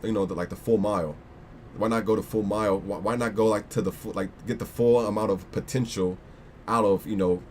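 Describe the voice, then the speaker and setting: A man's voice: on the low side, darkish tone, a little hiss or hum. A young man hosting a casual crypto livestream, rambling with lots of restarts and slangy asides.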